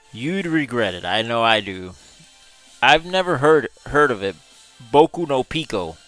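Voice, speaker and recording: Smooth-voiced, unhurried man. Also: medium pitch, a bit bright. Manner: easygoing, chuckles often, drawls words. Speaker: livestream host. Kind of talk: casual chat reading viewer comments.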